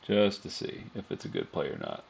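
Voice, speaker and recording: A man streaming his own live trading session, talking to viewers, swearing often and muttering to calm himself between trades. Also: sits low, a little fast, vocal fry, dull audio, slight background noise. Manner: calms himself down out loud.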